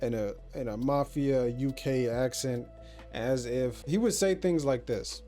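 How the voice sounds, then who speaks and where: A man talking through a game in a loose, rambling, slang-heavy way, swearing freely. His voice sits at an everyday middle pitch. Faint music plays quietly underneath. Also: moderate pace. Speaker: gaming YouTuber. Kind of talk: casual game review vlog.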